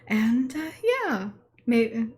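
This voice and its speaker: A woman's voice: fairly high pitch, extremely slow, a little mellow, a little hiss or hum. A woman playing a tabletop game, talking casually and hesitantly, with many fillers and trailing sentences. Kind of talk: casual chat.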